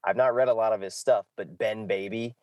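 A man's voice: lowish voice, fairly even intonation, fairly quick, a little mellow, no room sound. A man hosting a casual sports podcast, loose and jokey, often saying "exactly". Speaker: podcast host.

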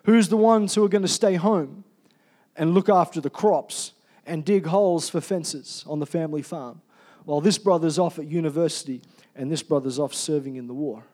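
Man, pastor, high-pitched, preaching, emphatic then hushed. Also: normal speed. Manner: rising to loud emphatic calls, dropping to soft storytelling. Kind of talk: sermon.

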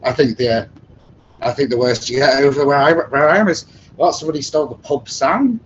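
A man's voice: medium pitch, a little fast, lo-fi sound, slight background noise. A man with an English accent, hosting a casual chat and telling stories in a chatty way. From England. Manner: chatty, anecdotal storyteller. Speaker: host, brass band trombonist.

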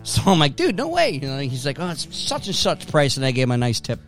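A man's voice: mid-range voice, fast talker, fairly bright tone, faint music behind. A middle-aged man hosting a casual chat, laughing often and swearing freely. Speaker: podcast host.

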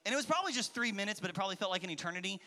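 A man in his thirties, a children's pastor, gives a lively, playful sermon to a crowd of kids, acting out voices. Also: sits high, very fast. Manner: animated, playful, acts out voices and calls to the crowd. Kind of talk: lively kids' church sermon with storytelling. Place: large church hall with an audience. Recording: long hall reverb.

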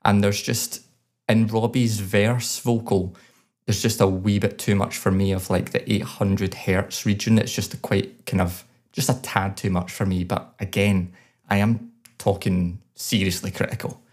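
Guy with a really low voice, chatty podcast co-host, gets excited about the music. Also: measured pace. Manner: enthusiastic, detailed feedback with frequent restarts. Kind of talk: casual chat reviewing songs.

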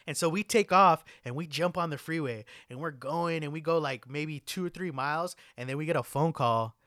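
A young man casually telling a wild party story, animated and full of slang and swearing, on a close mic. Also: fairly high pitch, normal speed, no room sound.

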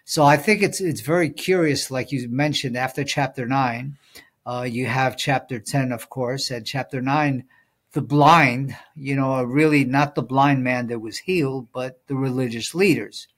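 Medium-pitched and moderately paced, a man takes part as co-host in a relaxed Bible study podcast. He works through ideas thoughtfully, uses many fillers, and reads from the scriptures aloud.

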